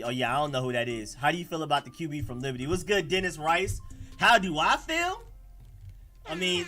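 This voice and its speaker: A livestream host with an Atlanta accent runs a casual sports stream, reacting to the live chat in an animated, slangy manner. His voice is medium-pitched.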